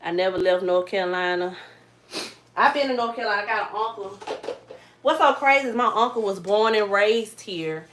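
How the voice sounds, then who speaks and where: A woman's voice: medium pitch, normal speed. A woman with a Southern Georgia accent, chatting casually with live viewers as a vlogger and mother at home. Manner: chatty, relaxed, drawling Southern speech. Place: kitchen at home. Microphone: phone on a tripod. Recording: echoey kitchen, faint noise.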